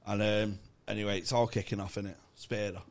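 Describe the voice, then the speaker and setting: A man's voice: fairly low pitch, little pitch movement, a little fast. A man, co-hosting a comedy podcast and telling a rambling, sweary story in casual chat. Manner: sweary, rambling storyteller, slips into mock voices. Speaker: podcast co-host.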